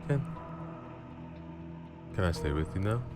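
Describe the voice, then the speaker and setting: Brief: a man playing a desperate young lover, very deep and halting, over music. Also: animated. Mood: pleading. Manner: pleading, halting.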